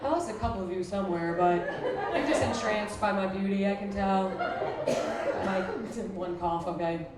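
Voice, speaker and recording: A woman's voice: mid-range voice, moderate pace, heavy background noise. A young woman performing crude, self-mocking stand-up comedy and chatting with the crowd at a live venue. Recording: roomy live recording from a distance, crowd laughter.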